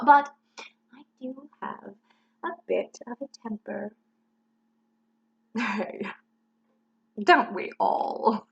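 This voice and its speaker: Medea, high and unhurried. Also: female voice, fairly bright tone, exaggerated voice, low-quality recording. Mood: wry confiding. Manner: sardonic, laughing, profane. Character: Medea, wry hot-tempered woman in quarantine. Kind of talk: musical monologue, spoken then sung. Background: guitar music.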